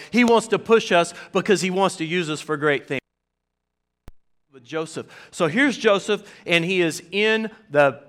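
A man with a Southern US accent preaching a sermon in a church, telling stories animatedly and acting out the quotes. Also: high-pitched. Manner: animated storyteller, acts out quotes. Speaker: pastor.

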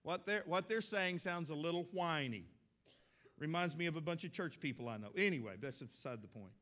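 A man's voice: fairly high pitch, animated, fairly quick, pushed and bright. A middle-aged man preaching a sermon as a pastor, folksy and conversational with emphatic stresses.

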